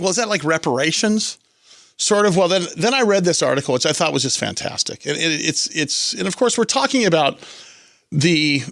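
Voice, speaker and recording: A male talk radio host commenting in a studio, talking in halting bursts with many repeated words and restarts. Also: fairly high pitch, vocal fry, fairly bright tone, dry recording. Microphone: studio microphone.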